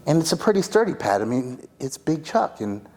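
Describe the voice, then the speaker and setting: A man performing a monologue as a rambling, excitable young party guy who keeps saying "like" and "dude" and restarting his sentences. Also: a little high, moderate pace. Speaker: attorney in a monologue workshop.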